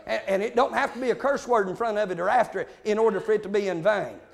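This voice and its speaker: High-pitched, gravelly preacher man. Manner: shouting, rapid-fire with frequent amens. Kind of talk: fiery Pentecostal-style sermon.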